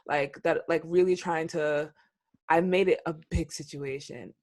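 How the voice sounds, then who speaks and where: A woman co-hosting a podcast, chatting casually and telling a dating story with animated, acted-out quotes. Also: low voice, unhurried. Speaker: podcast co-host. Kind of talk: casual chat.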